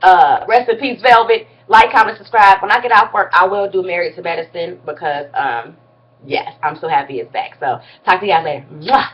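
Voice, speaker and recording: A woman's voice: on the low side, brisk, muffled recording. A woman vlogger giving a casual, blunt and slangy recap of a reality TV episode, with some mild cursing.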